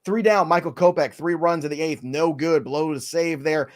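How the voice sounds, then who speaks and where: A man hosting a casual sports podcast, playful and laughing often as he runs through a quick rundown. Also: fairly high pitch. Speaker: podcast host.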